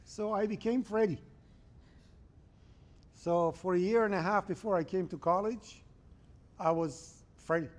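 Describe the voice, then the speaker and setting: Man, higher voice, programming lecture, conversational, checks in with the class a lot. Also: unhurried, pauses often. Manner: conversational, checks in with students often. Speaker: programming instructor.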